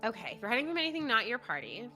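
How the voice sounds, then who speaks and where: A woman's voice: a little high, sing-song, rapid-fire, music in the background. A woman narrating as game master of a tabletop game, casual and descriptive. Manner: casual, descriptive, frequent fillers.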